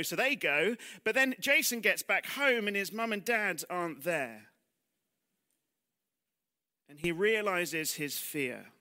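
Preaching in church, this man has a voice that sits high, with a sharp tone, expressive delivery, and a measured pace. His sermon feels conversational, full of rhetorical questions and jokes at his own expense, and on heavy lines he drops nearly to a whisper.

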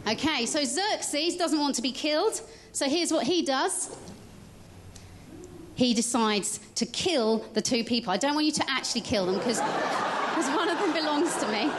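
A woman telling a Bible story during a church service, lively as she directs child volunteers. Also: sits high, noisy background.

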